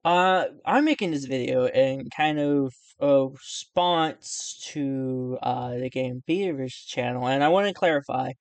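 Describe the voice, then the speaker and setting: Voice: medium pitch, unhurried, hardly any pauses, dry recording. A YouTuber talking casually and nervously in a response video, stammering, restarting sentences and putting themself down, with the odd casual swear. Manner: nervous, stammering, self-deprecating, with frequent restarts. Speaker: YouTuber responding to another creator. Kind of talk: casual rambling video commentary.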